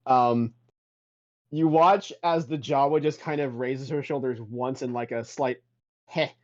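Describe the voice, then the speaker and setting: A man as game master, narrating a tabletop role-playing scene with halting, relaxed phrasing. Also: medium pitch, dull audio.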